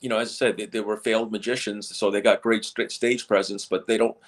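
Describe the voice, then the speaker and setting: A man's voice: lowish voice, little pitch movement, a little fast. A middle-aged man, a stage hypnotist, telling stories in a casual interview and often repeating and restarting his words.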